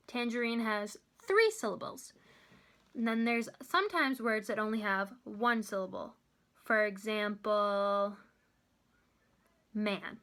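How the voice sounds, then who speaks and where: A young woman in college teaches children from home. She has a fairly high voice with a bright, clear tone, and she slows down to sound out words carefully, syllable by syllable. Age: young adult. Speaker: college student tutor. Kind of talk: kids' lesson video.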